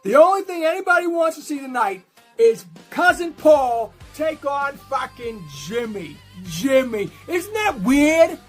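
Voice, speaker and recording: A man's voice: extremely high pitch, expressive, measured pace, fairly bright tone, soft background music. A man cutting a brash, profane wrestling promo, mocking his opponent while driving a car. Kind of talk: trash-talking wrestling promo.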